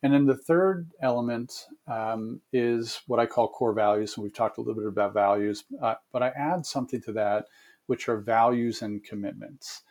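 A man giving long, measured answers as a guest consultant in an interview, with frequent fillers and restarts. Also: mid-range voice, darkish tone.

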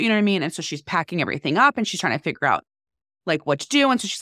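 A woman's voice: mid-range voice, very animated, quick pace, a bit bright, no echo, studio quality. A woman in her forties, a podcast co-host, telling a story in casual chat with animation and acting out what people said.

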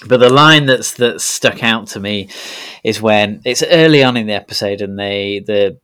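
A man's voice: lowish voice, moderate pace, a bit bright, clean tone. A man co-hosting a podcast in casual chat, laughing often and restarting his sentences. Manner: laughing, hesitant with many restarts. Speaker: podcast co-host.

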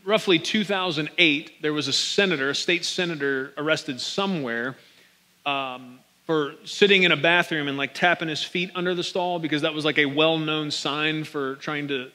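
A man's voice: a little high, normal speed, sharp tone. A man pastor giving a casual, joking sermon, talking straight to his congregation from a stage microphone. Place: large church hall. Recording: long reverb of a large hall.

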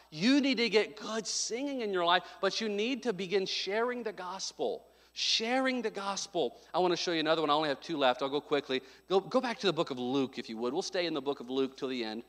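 A male pastor preaching a sermon, telling a story with loud bursts and sudden drops to quiet. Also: a little high, lively intonation, fairly quick. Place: church sanctuary. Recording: long hall reverb.

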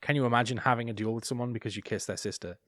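A man's voice: mid-range voice, rapid-fire, fairly bright tone, no room sound. A man chatting casually on a podcast, easygoing and full of little fillers, with a mid-range voice. The sound is dry and close to the mic. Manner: easygoing and conversational, with fillers and laughs. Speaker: podcast co-host. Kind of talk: casual chat.

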